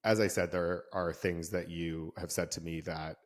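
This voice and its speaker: A man hosting a podcast who reflects on his guest's words in a measured, candid way. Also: sits low, steady tone. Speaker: podcast host. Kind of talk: conversational podcast interview.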